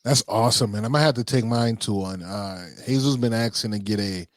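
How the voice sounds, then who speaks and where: A man's voice: lowish voice, brisk, no echo, studio quality. Laid-back man co-hosting a podcast. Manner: laid-back, laughs often, trailing off. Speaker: podcast co-host. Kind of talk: casual chat.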